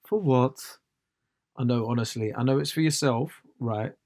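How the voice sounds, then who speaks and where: Casting: British male comic with a gravelly, creaky voice for a dry, close podcast rant. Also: medium pitch, moderate pace, a little mellow, dry recording. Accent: British English. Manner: ranting, slangy and swearing. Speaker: podcast host, stand-up comedian. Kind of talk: comedic podcast monologue.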